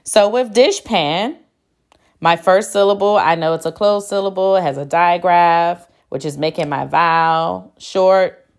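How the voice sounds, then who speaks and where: A woman teaching a phonics spelling lesson, with a low-pitched voice. She speaks slowly and deliberately, spelling words out letter by letter and counting syllables. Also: smooth. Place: classroom.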